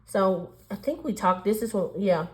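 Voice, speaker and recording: A woman's voice: mid-range voice, normal speed. A woman giving a casual tarot reading, chatty and musing, often laughing as she talks. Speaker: tarot reader.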